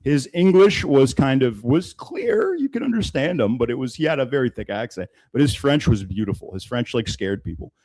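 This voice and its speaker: Chatty, animated male podcast host. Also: medium pitch, normal speed, hardly any pauses, low-quality recording. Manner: animated, swearing, laughing storyteller. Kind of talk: casual storytelling chat. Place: Toronto.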